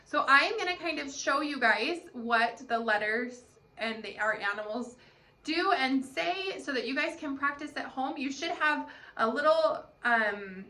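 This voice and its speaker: A woman's voice: high-pitched, animated, measured pace, sharp tone. A woman teacher leading a cheerful, sing-song phonics lesson for young children, demonstrating letter sounds.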